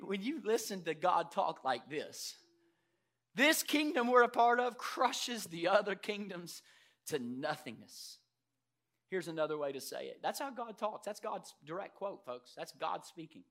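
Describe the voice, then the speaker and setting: Male preacher, high and bright, emphatic sermon delivery, talks straight to the congregation. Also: sing-song, a little slow. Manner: emphatic preacher, swings from shouting to quiet earnestness; addresses congregation directly with rhetorical questions. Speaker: pastor.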